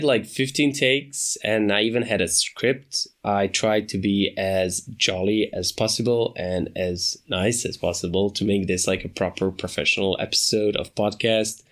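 A man hosting his own podcast, talking off the cuff in a hesitant way, with many pauses and restarts. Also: fairly low pitch, steady tone, a bit bright. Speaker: podcast host. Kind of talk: unscripted solo podcast talk.

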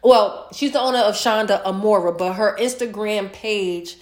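A woman hosting her own podcast, chatting casually and warmly about her week, stuffed up from a sinus infection. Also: mid-range voice, normal speed, echoey room. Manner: chatty, repetitive, heartfelt. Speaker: podcast host. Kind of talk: casual solo podcast chat.

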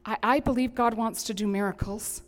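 A middle-aged woman pastor preaching a sermon in an animated, emphatic, conversational way with humorous asides. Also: fairly high pitch, brisk. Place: church sanctuary. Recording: long hall reverb.

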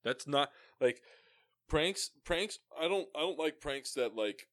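A man's voice: fairly high pitch, lively intonation, slow, a bit bright. A man in casual chat, blunt and irritated, swearing as he gives his opinion.

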